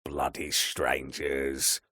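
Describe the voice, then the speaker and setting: A man voicing a grumpy, gruff old man who tends a fire, talking in a rough, colloquial way. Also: a bass voice, monotone, very slow, bright, forceful tone, dry recording, studio quality, voice pushed down, exaggerated voice. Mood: grumbling.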